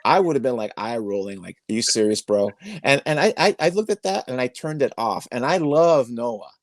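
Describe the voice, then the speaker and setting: Male podcast host, mid-pitch, emphatic and rambling, dry close phone recording from a bedroom. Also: very animated, brisk, dry recording. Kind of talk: casual interview chat. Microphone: iPhone.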